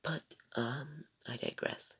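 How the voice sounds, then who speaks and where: A man's voice: medium pitch, takes it slowly, gravelly, a bit bright, breathy edge. A young man casually reviewing a TV episode, rambling and hesitant with lots of ums, often drifting into mumbled whispers.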